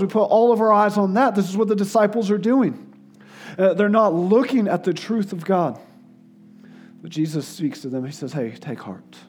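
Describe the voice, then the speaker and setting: Earnest preacher man, music behind. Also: slightly rough. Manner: earnest, tearful in places, drops to soft low tones for quotes. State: crying at times. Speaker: guest preacher. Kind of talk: sermon.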